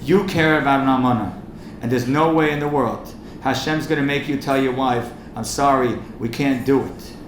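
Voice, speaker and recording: A rabbi telling a story and then pleading passionately with the room at a fundraising event. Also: male voice, mid-range voice, normal speed, few pauses. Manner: impassioned, rising to urgent pleading. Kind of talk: storytelling speech and charity appeal. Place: event hall. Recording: echoey hall with faint noise.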